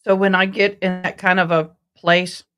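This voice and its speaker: A woman's voice: on the low side, level tone, moderate pace, fairly bright tone, smooth. A woman hosting a casual live stream about a trial, chatting with viewers in a rambling, passionate, direct way. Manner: self-described passionate and direct.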